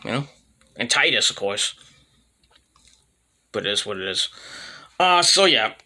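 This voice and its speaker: A man's voice: on the low side, very animated, unhurried, sharp tone. A man giving a casual, rambling solo review rant about wrestling, full of fillers and restarts, blunt and irreverent.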